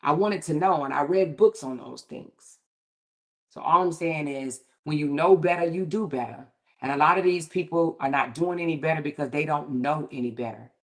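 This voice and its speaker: A middle-aged woman hosting a livestream, talking candidly and emphatically in casual commentary, with her pitch climbing sharply when she gets indignant. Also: moderate pace. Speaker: livestream host.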